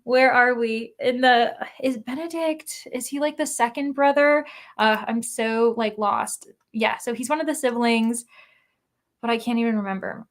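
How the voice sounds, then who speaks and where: A woman's voice: a little high, a bit bright. A young adult woman hosting a casual live stream, chatting and reading out viewer comments with lots of "like" fillers. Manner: chatty, many "like" fillers, upbeat. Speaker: livestream host reading chat.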